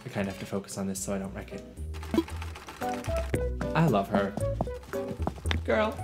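A man hosting a video game let's play, chatting to himself in an animated, talkative way. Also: lowish voice, moderate pace, pauses often. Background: game music.

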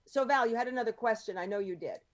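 A woman's voice: a little high, fast talker. A woman hosting a call-in podcast, bubbly, repeating the phone number and taking callers. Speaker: podcast host. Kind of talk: casual call-in show hosting.

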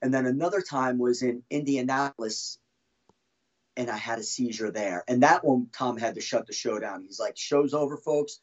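A man telling his own story as a podcast guest, halting and restarting often as he talks. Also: medium pitch, lo-fi sound. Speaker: guest, former band drummer. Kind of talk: casual podcast interview storytelling.

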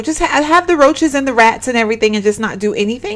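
A woman giving animated, exclaiming let's-play commentary and chatting straight to her viewers. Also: high-pitched, brisk, hardly any pauses. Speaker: gaming channel host.

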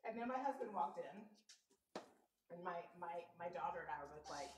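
A woman hosting a live painting stream, chatting casually and telling animated stories with casual swearing. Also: on the low side, distant mic, background noise. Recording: echoey room.

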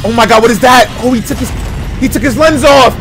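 A man with a high, bright voice reacts to a video on a live stream, hyped and calling out every move. He often bursts into shouts, and music plays clearly behind him. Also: a little fast. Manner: excitable, shouts running reactions to fights.

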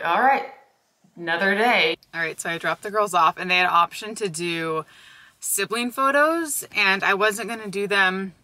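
A woman in her thirties talks to the camera in an easy, chatty way, laughing her way through stories of her household. Her voice is bright and forward, and the home recording has a roomy echo around it. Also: lowish voice. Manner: chatty storytelling, often laughing. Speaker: vlogger. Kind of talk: casual chat to camera. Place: family home.

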